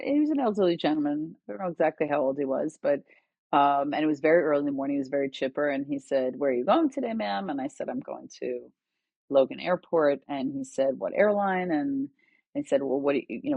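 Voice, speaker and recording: A woman's voice: sits low, gravelly, breathy edge, no room sound, dull audio. A middle-aged woman, a guest author and educator, telling stories in conversation and acting out the dialogue in them. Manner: animated storyteller, acts out quoted dialogue. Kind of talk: conversational storytelling.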